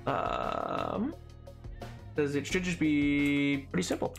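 Slow and creaky, with big swings in pitch, a fairly high-voiced young man talks while streaming a game over faint music. His chat is casual and playful: he answers questions out loud, drifts around topics, and keeps correcting himself.

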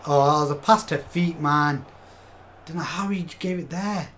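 Excitable sweary gamer lad. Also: male voice, a little high, moderate pace, slight background noise. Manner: swears often, excitable outbursts, talks to chat as "lads". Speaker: game streamer. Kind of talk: live gameplay commentary.

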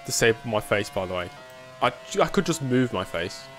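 A man's voice: fairly low pitch, lively intonation, fairly quick, faint music behind. A man giving casual live commentary while sim racing and chatting with viewers, with dry self-mocking humor.

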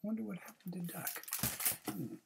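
A woman reading a picture book aloud, pausing for chatty asides to young listeners. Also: lowish voice, sing-song, vocal fry, background noise. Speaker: reader.

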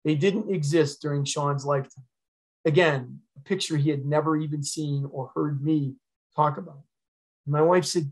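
A man's voice: a little high, steady tone, normal speed, husky, low-quality recording. A middle-aged man, a retired fire chief, telling a candid and emotional personal story to an audience.

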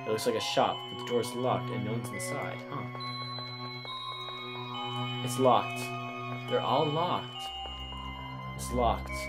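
A man giving casual let's-play commentary, reacting quickly and excitably to what happens in the game. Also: medium pitch. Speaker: gameplay commentator. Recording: game music playing clearly behind.

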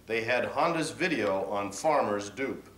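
A man's voice: lowish voice, lively intonation, unhurried, a bit bright. A man reciting a rhyming holiday poem for a company video. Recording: echoey room.

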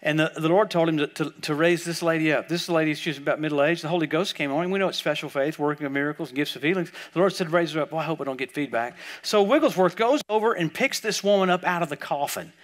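A man preaching a sermon at a church service, telling stories and swinging between quiet asides and loud, emphatic bursts. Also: fairly high pitch, fast, hardly any pauses.

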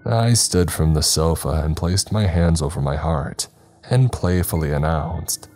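A man narrating a first-person scary story in a calm, measured, scripted way. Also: very deep voice. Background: faint background music.

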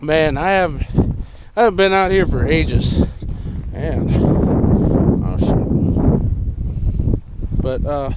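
A man vlogging outdoors in the snow in a put-on Australian accent, loud, excited and swearing, often shouting. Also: on the high side, drawn-out words, long pauses. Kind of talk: joking outdoor vlog. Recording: wind and passing vehicle noise.

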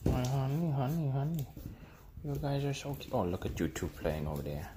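A man talking softly in doting baby talk to a litter of puppies at home. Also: mid-range voice, sing-song, moderate pace. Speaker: puppy breeder. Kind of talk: cooing at puppies. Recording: noisy home recording.

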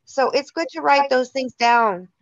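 A woman with a high voice leads a church Bible study, talking casually and laughing as she tells stories. She restarts her sentences often. The sound is dry and lo-fi, like a call. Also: measured pace, no echo.

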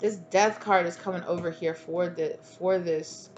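A woman's voice: on the low side, fairly even intonation, measured pace, a little mellow, dull audio, a little hiss or hum. A woman giving a casual channeled tarot reading, sassy and slangy, laughing at herself. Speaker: tarot reader.

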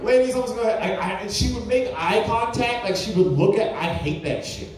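High-pitched guy doing crude stand-up, sounds far from the mic in a super echoey club. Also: animated, brisk, crowd noise, background noise. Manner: crude, rambling, filler-heavy. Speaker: stand-up comedian. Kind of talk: stand-up comedy set. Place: comedy club stage. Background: audience laughter.

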